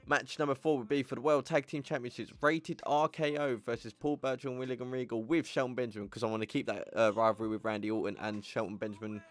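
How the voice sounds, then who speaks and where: A man hosting a gaming channel, chatting through game results in a playful put-on accent and exclaiming at surprises while calling viewers ladies and gentlemen. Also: mid-range voice, fairly even intonation, quick pace, few pauses, dry recording. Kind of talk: casual gameplay commentary.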